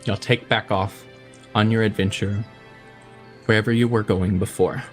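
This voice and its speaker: A man's voice: fairly low pitch, steady tone, normal speed, soft background music. A man running a tabletop game as game master, narrating in a heartfelt, emotional way.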